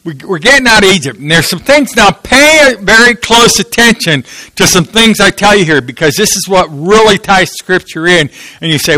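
A man's voice: high-pitched, lively intonation, moderate pace, few pauses, pushed and bright, no echo, low-quality recording. A man preaching a sermon, telling a story and asking the audience questions.

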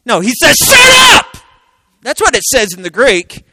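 A man preaching a sermon, swinging from loud exclamations to hushed, near-whispered lines and acting out quoted voices. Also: high-pitched, lively intonation, a little fast, very noisy. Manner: acts out quoted voices, laughs between lines.

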